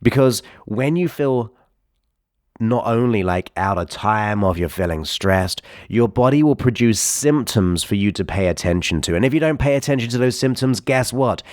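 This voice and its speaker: A man, a hypnotherapist and self-help speaker, giving an emphatic, energetic motivational talk to camera with rhetorical questions. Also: medium pitch, moderate pace, dry recording, studio quality.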